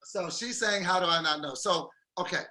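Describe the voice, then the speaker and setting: A podcast co-host with a voice that sits high tells a story at a moderate pace during casual chat. He's an animated storyteller, acting out quotes with energy.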